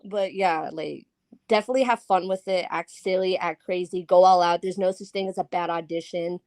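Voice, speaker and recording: A woman's voice: fairly low pitch, fairly even intonation, brisk, a little mellow, no echo. A woman guest scare actor chatting casually on a podcast, talking loosely with many fillers and giggles.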